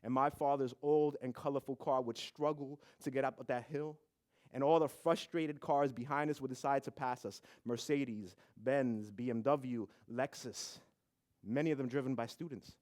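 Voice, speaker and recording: A young man from the South Bronx giving a humorous, animated storytelling talk. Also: medium pitch, moderate pace. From South Bronx, New York. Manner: humorous, animated storytelling with acted family quotes.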